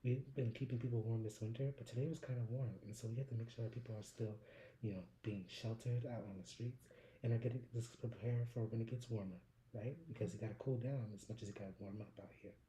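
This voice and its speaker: A man's voice: mid-range voice, fairly even intonation, fast talker, warm tone, reverberant, a little hiss or hum, rough recording. A man hosting a casual livestream news show, talking in a laid-back, folksy way. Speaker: host.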